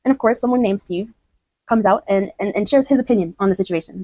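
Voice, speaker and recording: A woman's voice: mid-range voice, racing, darkish tone, no room sound, poor audio. A woman explaining her own poem in a chatty way, often restarting and checking that the listener follows. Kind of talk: casual spoken explanation.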